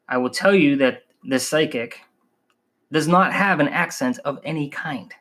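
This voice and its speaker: Male podcast host from the northern US, slightly high pitch, emphatic and animated. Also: normal speed. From northern United States. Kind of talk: podcast narration.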